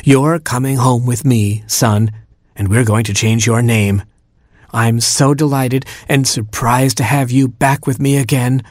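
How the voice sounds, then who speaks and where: A man voicing an old, hard-of-hearing male baboon, a retired king who talks loudly and asks people to repeat themselves, in a storybook reading. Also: mid-range voice, fairly even intonation, measured pace, no echo, studio quality, lightly acted. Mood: bewildered, fond.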